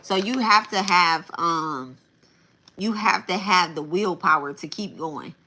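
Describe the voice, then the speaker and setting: A woman reading tarot on a live stream, talking casually and bluntly with plenty of restarts. Her voice sits on the low side yet sounds bright and forceful. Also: measured pace. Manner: casual, repeats and restarts phrases; blunt, swears. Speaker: tarot reader.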